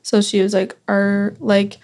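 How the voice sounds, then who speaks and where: A woman's voice: mid-range voice, flat delivery, unhurried, a little mellow. A young woman, a guest, in a casual family conversation, retelling a painful memory in a rambling way with many fillers. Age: young adult.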